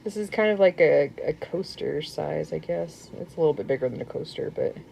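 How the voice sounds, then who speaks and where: A young woman chatting casually on a crochet live stream at home. She rambles, laughs often and sometimes drops to a soft murmur. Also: low voice, fairly quick, gravelly, slight background noise.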